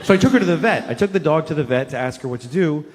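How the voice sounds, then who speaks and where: A man in his forties doing a crude, deadpan stand-up comedy set. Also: fairly high pitch, very fast. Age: 40s. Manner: deadpan, crude, jumps into character voices. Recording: live hall with long reverb and background noise.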